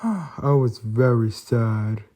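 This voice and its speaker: A man's voice: medium pitch, lively intonation, drawn-out words, mellow. A man voicing a timid new little male engine who speaks earnestly and apologetically. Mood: sad.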